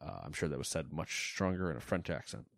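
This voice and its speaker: A man's voice: a bass voice, expressive, fairly quick, vocal fry, no echo. A man hosting a podcast, reading news items and making wry, joking asides in casual chat. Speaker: podcast host.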